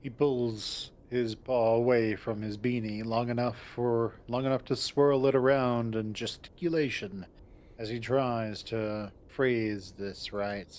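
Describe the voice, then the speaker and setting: A man's voice: medium pitch, fairly even intonation, takes it slowly, a little mellow. A man narrating a visual novel in the first person and voicing its lead, in a wry storytelling manner.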